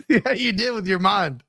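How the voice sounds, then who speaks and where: An excitable male podcast co-host with a notably high voice, laughing his way through stories. The recording is dry and close. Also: slow pace, husky, no echo. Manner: laughs often, excitable storyteller. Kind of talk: casual podcast chat.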